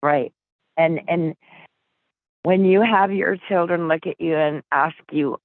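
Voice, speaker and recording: A woman's voice: deep voice, steady tone, slow pace, no room sound. A woman from Flint, Michigan, talking as an interview guest in an urgent, emotional, pleading way over a phone line. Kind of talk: impassioned interview talk. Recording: tinny phone line, dry.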